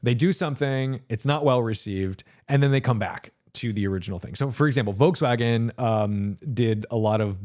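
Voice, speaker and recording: A man's voice: mid-range voice, normal speed, few pauses, darkish tone. A man hosting a solo car podcast as a reviewer, talking in a rambling, sarcastic way and now and then slipping into mock quotes. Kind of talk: casual solo podcast monologue.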